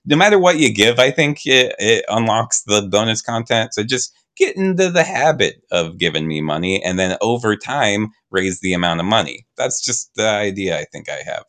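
Male podcast host, casual chat; rambling, stop-start delivery with a lively, swinging pitch. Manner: rambling, halting, laughs often.

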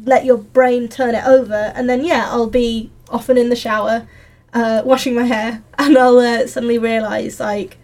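A woman's voice: fairly high pitch, steady tone, unhurried, darkish tone. A woman doing a PhD in history, talking thoughtfully in a casual group chat and laughing easily.

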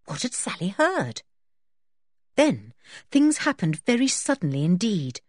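An audiobook reader with a mid-range, sing-song voice narrates a children's storybook expressively at a measured pace, taking on voices for the characters. The recording is clean studio sound with no room sound.

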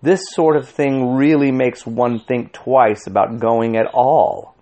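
A man's voice: medium pitch, very animated, normal speed. A man reading an audiobook voices a short, scowling man who speaks prim and disdainful.

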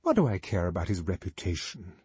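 A man's voice: low voice, wildly swooping pitch, brisk, a little mellow, slightly rough, dry recording, heavily acted. A man voicing a breezy young woman. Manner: light, breezy and teasing.

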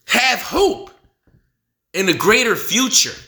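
A man, delivering an impassioned monologue full of repeated rhetorical questions and swelling toward a shout. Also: high-pitched, very animated, slow. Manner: repetitive, rhetorical questions, rising to near shouting. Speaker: speaker addressing the nation. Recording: echoey room.

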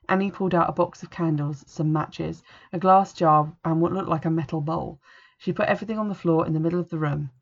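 A woman's voice: on the low side, gravelly, slightly rough. A woman reviewing a book and reading an extract aloud in a plain, matter-of-fact way. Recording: dull lo-fi recording.

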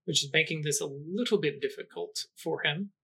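Bright-voiced male game master, hesitant. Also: on the high side, normal speed, gravelly, slightly rough. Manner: hesitant, many fillers, rules explanations. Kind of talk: running a tabletop game.

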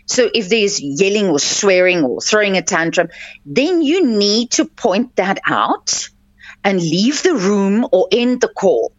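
A woman's voice: medium pitch, very animated, slow pace, no echo. A woman hosting a radio coaching show, giving earnest advice and repeating her points for emphasis. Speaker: life coach and radio host. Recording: dull lo-fi, dry sound.

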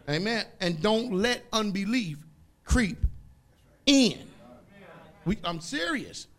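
A man preaching a sermon as pastor, fervent and rising into shouts. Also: high voice.

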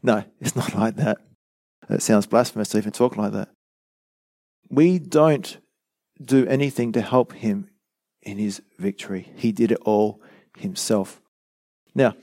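A man's voice: medium pitch, a little mellow, dry recording, clean studio sound. A man giving a teaching sermon, earnest and emphatic, who explains with rhetorical questions and repeated lines. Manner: rhetorical questions, acts out quoted voices. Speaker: preacher.

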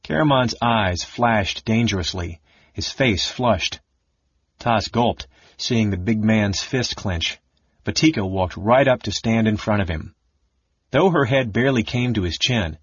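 Male audiobook narrator, measured fantasy narration, low voice, dull lo-fi sound. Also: expressive, husky, no echo. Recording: muffled lo-fi recording.

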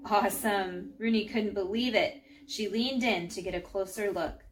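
A woman's voice: mid-range voice, moderate pace, slight background noise. Woman reading a children's storybook. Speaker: storybook reader.

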